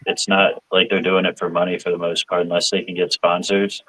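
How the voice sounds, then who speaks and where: A man's voice: deep voice, flat delivery, fairly quick, fairly bright tone, breathy edge, no echo, poor audio. A man, co-hosting a podcast in rambling casual chat. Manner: rambling, laughs often. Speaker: podcast co-host.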